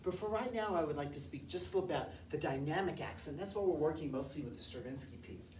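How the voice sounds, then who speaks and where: A woman with a low voice teaches a music lesson, calling out counts and singing up and down a scale. She is picked up from a distance, so her voice carries the echo of a roomy space. A faint background hiss sits under her voice. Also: animated, fairly quick, a little mellow. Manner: cues counts and sings scale notes aloud. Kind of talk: demonstrating a movement and singing lesson. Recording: echoey room heard from a distance.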